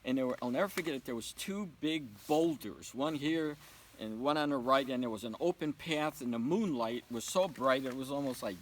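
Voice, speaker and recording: A man's voice: mid-range voice, animated, a little fast, low-quality recording. A man telling a personal story in a casual interview, acting out the dialogue. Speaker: interview guest.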